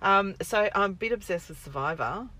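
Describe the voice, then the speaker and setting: A woman's voice: mid-range voice, expressive, normal speed, crowd noise. A middle-aged woman, co-hosting a podcast and telling wry anecdotes in casual chat. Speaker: podcast co-host.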